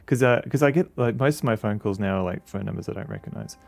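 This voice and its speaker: A man with an Australian accent streaming a game, chatting casually in a halting, rambling way with many fillers. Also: lowish voice, huge pitch swings, gravelly, darkish tone. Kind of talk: casual commentary while playing a game.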